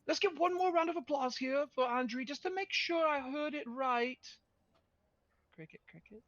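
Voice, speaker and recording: A woman's voice: sits high, moderate pace, a bit bright, no room sound, lo-fi sound. A woman playing in a tabletop game, hamming it up as a playful emcee. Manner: showy, playful emcee delivery. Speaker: player. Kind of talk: in-character tabletop role-play.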